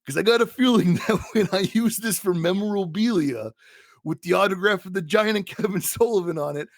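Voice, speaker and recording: A man voicing a brash, bombastic male wrestler showman with a loud, grandiose, drawn-out delivery. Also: high voice, dry recording, studio quality, pitched above the performer's own voice. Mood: scheming.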